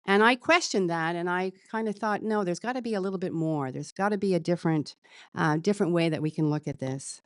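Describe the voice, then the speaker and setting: An actress playing a funeral celebrant with new-age beliefs, speaking softly and earnestly, rambling with fillers. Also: female voice, fairly low pitch, brisk, smooth, dry recording, clean studio sound, close to an everyday voice.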